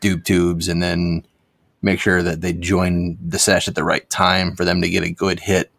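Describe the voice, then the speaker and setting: Gravelly man, casual co-host chat. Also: deep voice, dry recording. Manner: animated storytelling, swearing, quick bursts and restarts. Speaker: co-host of a cannabis vape review show.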